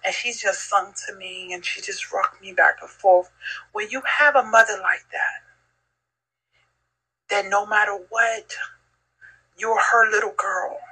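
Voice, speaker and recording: A woman's voice: medium pitch, steady tone, measured pace, pauses often, sharp tone, husky, low-quality recording. A middle-aged woman telling a heartfelt, reflective story in a casual chat as a podcast guest. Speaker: podcast guest, host's mother.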